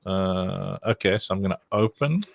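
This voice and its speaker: A man's voice: sits low, expressive, normal speed, lo-fi sound, noisy background. A man hosting a live stream in a casual, playful, rambling way, often breaking into laughter. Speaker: livestream host.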